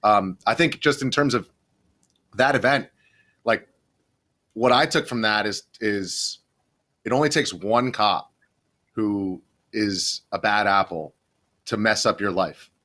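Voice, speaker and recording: A man's voice: fairly low pitch, takes it slowly, long pauses, pushed and bright. A young adult man, a video journalist, rambling through a story in a casual podcast interview, full of restarts and fillers.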